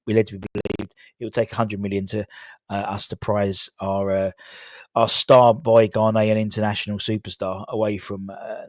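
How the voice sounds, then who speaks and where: A man's voice: lowish voice, no room sound, clean studio sound. A man hosting a football fan channel, chatting casually through transfer news with lots of ums and restarts. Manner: rambling, many fillers and restarts.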